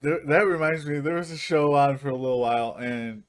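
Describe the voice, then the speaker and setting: A young man chatting on his podcast, his voice sitting a little high for a man. He tells stories loosely, swears freely and keeps breaking into laughter. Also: brisk. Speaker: podcast co-host. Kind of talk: casual chat.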